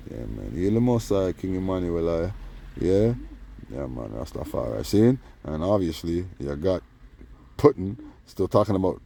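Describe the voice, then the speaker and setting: A man giving a rambling casual monologue, tagging his sentences with "man" and "yeah" and swinging between low mutters and loud bursts. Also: creaky, slight background noise. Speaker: channel host.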